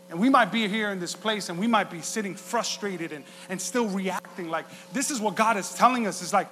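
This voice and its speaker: A man preaching a sermon as pastor, passionate and swinging from quiet to shouting. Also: high voice, moderate pace, hardly any pauses, slight background noise. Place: church sanctuary. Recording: reverberant hall.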